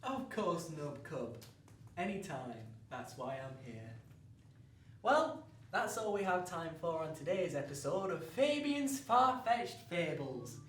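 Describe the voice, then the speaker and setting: Cheery storyteller man, lively pitch. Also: slow pace. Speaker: host of a children's story show. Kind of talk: comic storybook narration. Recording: roomy, distant mic with faint noise.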